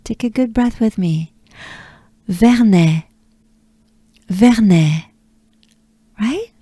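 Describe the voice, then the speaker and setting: Woman with french accent coaching pronunciation, repeats words slowly, warm tone. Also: medium pitch, lively intonation, no room sound, studio quality. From France. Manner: patient, repeats words slowly with breathing cues. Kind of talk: slow pronunciation lesson.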